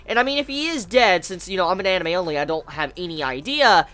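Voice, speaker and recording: Lively, bright-voiced casual anime reviewer. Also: mid-range voice, fast. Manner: animated, rambling, swears freely.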